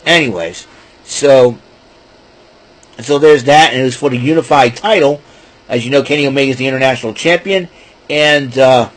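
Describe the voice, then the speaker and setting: A man casually recapping a wrestling show, rambling with many fillers and restarts. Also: medium pitch.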